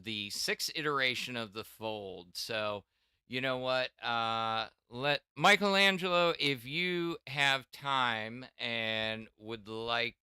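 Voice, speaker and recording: A man's voice: mid-range voice, takes it slowly, pushed and bright, clean tone, no echo, clean studio sound. A middle-aged man hosting a casual tech chat, rambling with many restarts and fillers. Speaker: podcast host.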